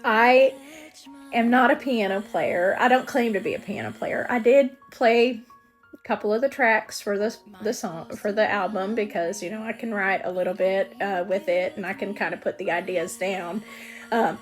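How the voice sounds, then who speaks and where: A woman's voice: mid-range voice, normal speed, soft background music. A woman singer-songwriter giving a personal testimony in an earnest, vivid storytelling manner.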